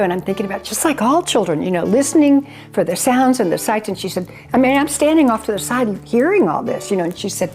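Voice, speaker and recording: A woman's voice: mid-range voice, lively intonation, fast talker, few pauses, a little mellow. An older woman, a charity founder, telling her story in an earnest, rambling way with frequent restarts. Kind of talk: personal storytelling interview.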